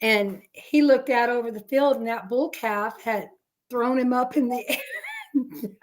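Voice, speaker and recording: A woman's voice: on the high side, big pitch swings, measured pace. A woman co-hosting a live stream, chatting casually and chiming in with encouraging agreements. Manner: encouraging, frequent short agreements and laughs. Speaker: co-host of a live chat stream. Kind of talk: casual chat.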